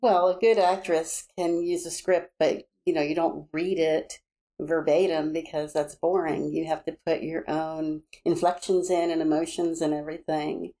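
Woman, Kentucky accent, warm tone, easygoing, matter-of-fact, podcast guest. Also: low-pitched, flat delivery, normal speed. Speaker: guest, actress. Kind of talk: casual podcast chat.

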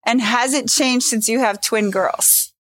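Playful lady doctor hosting her podcast, kinda high voice, laughs a lot. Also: unhurried, a bit bright, dry recording. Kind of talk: casual chat.

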